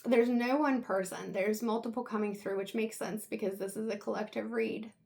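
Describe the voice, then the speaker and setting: A woman giving an intuitive tarot reading, talking softly and reflectively with pauses, at times close to tears. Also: fairly high pitch, fairly even intonation, creaky. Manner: soft, reflective, halting with pauses. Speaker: tarot reader.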